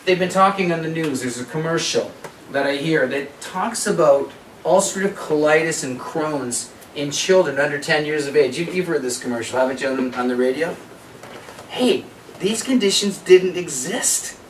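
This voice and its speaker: A man giving a health workshop, talking lively and asking the audience questions. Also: a little high, moderate pace, a little hiss or hum. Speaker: workshop presenter. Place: workshop room. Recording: echoey room, distant mic.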